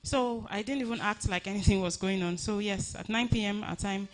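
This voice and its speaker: Earnest woman telling a halting story. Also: mid-range voice. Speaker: daughter giving a funeral tribute. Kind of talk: personal tribute speech. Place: church funeral service.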